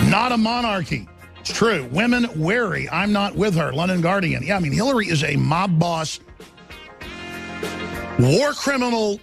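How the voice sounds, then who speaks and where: A man's voice: high-pitched, vocal fry. A man hosting a talk radio show, delivering a combative, emphatic monologue.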